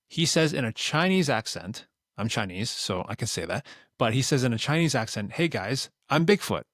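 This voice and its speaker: A man giving a relaxed, plain-spoken tutorial explanation as a voice-over. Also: mid-range voice, dry recording, studio quality. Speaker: tutorial creator. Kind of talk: instructional screen-recording explanation.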